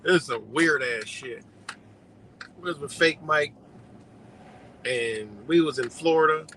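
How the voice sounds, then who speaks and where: A man hosting a live stream, telling a story in a loose, profane, animated way and laughing often. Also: on the high side, measured pace, a little hiss or hum, poor audio. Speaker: livestream host.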